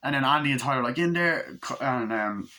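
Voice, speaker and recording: Excitable, swearing man recapping a movie. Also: mid-range voice, brisk. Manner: excitable, swears a lot, acts out scenes. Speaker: movie reviewer.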